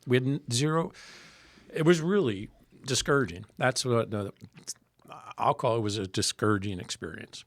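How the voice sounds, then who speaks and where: A man with a mid-range voice telling a story on a podcast. He stops and restarts often, and he acts out what other people said. The sound is dry and close, with no echo. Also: mid-range voice. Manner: halting storytelling, many restarts, quotes others. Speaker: podcast co-host. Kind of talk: casual podcast conversation.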